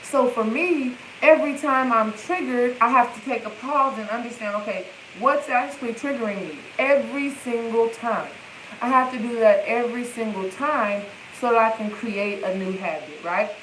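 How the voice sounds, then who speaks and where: A woman's voice: on the high side, normal speed, a bit bright, echoey room, slight background noise, rough recording. A woman healing coach, livestreaming from her phone and speaking in emphatic, repetitive affirmations. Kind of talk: live-stream self-help talk.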